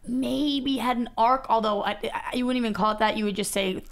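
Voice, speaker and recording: A woman's voice: on the high side, a little fast. A woman co-hosting a casual film discussion panel, weighing and qualifying her opinions as she talks.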